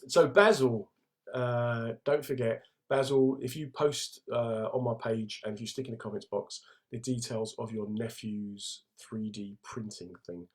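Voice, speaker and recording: A middle-aged man with a London accent talks through a casual livestream. His manner is laddish and jokey, and he breaks off to read and answer viewer comments in a chatty way. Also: medium pitch. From England. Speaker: comedian hosting a livestream.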